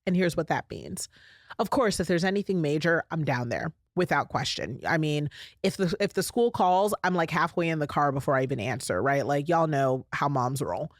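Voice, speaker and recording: A woman's voice: deep voice, lively intonation, normal speed, dry recording, studio quality. A middle-aged woman hosting a podcast, talking casually and emphatically to her listeners in a chatty way. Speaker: podcast host. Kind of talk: casual solo podcast talk.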